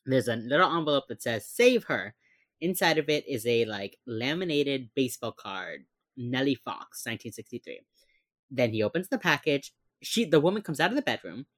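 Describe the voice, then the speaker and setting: Brief: woman co-host, casual chat, lively swooping delivery, dry close sound, acts out scenes. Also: extremely low pitch, fairly quick, dry recording. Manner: animated retelling, acts out characters' lines, laughs often. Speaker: podcast co-host recapping a TV episode.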